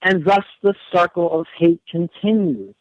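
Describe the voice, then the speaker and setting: A man's voice: high voice, steady tone, a little slow, no echo. Earnest rambling man on lo-fi radio. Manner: earnest, rambling, many restarts and repeated words. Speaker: radio show guest. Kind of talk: casual radio interview talk. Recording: dull lo-fi radio audio.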